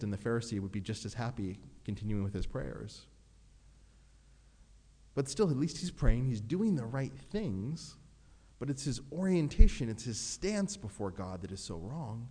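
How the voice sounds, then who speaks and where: A man preaching a sermon as pastor, earnest and expressive, acting out prayers in his own voice. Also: mid-range voice, moderate pace, long reverb tail.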